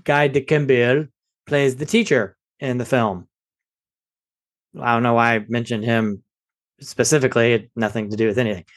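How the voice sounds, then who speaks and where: A man's voice: medium pitch, steady tone, moderate pace, long pauses. Joking, rambling man co-hosting a podcast. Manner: joking, rambling, self-deprecating. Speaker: podcast co-host. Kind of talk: casual movie review chat.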